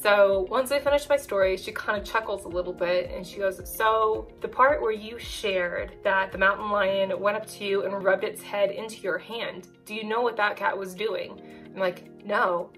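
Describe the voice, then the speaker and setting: A woman telling a personal story in a chatty, animated way with lots of casual fillers. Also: medium pitch, normal speed, soft background music, rough recording.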